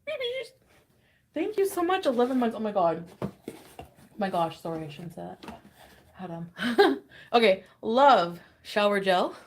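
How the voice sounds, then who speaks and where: A woman's voice: fairly high pitch, darkish tone. A woman chatting casually on a livestream, tired and giddy, greeting viewers with bubbly squeals. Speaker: livestream host.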